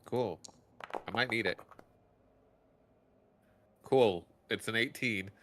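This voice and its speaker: A man playing a tabletop game, chatting casually in a jokey, expressive way and swearing freely. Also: fairly low pitch, takes it slowly, slight background noise. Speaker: player.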